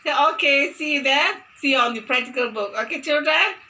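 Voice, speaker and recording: Woman teacher doing a kids phonics lesson, high bright voice that bounces around, slow and singsongy. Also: animated. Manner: sing-song, playful, repeats words for kids to copy.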